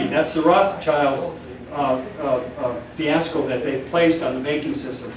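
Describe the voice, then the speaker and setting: A man speaking at a political meeting, rambling and telling a joke with acted-out voices. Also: on the high side. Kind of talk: public talk to a meeting. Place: meeting room in a church. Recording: echoey hall, far from the mic, crowd noise.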